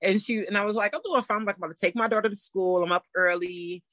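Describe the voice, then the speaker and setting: A woman in her thirties telling a story in a casual interview, animated and laughing as she acts out what people said. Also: medium pitch, quick pace, no room sound. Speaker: interview guest.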